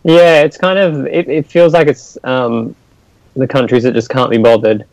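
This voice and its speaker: A man's voice: mid-range voice, fairly even intonation, normal speed, darkish tone, dry recording, muffled recording. A man with an Australian accent co-hosting a podcast, hesitant with dry humour. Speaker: podcast co-host. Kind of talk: casual podcast chat.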